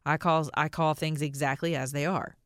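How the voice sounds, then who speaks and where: A woman with a notably low voice delivers an opinionated podcast monologue. She is blunt and sarcastic, slowing down to lean hard on single words. The sound is dry and close, with no room around it. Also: steady tone, fairly bright tone, dry recording. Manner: emphatic, stresses single words slowly for effect. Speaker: podcast host.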